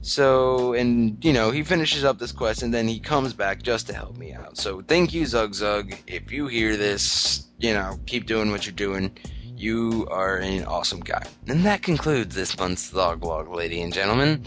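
A man's voice: fairly low pitch, a little slow, fairly bright tone, faint music behind. A man hosting a podcast segment, telling a comic gaming story and acting out the characters in a self-mocking way.

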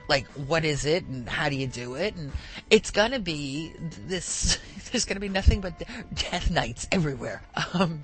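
A woman's voice: on the low side, a bit bright. A woman hosting a casual podcast, rambling and digressing as she talks and laughing often. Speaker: podcast host.

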